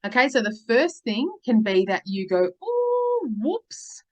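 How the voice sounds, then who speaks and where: A woman's voice: mid-range voice, moderate pace, poor audio. Earnest woman coaching parents. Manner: earnest, reassuring, keeps saying "okay" and "all right". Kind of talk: talking to camera, advice video.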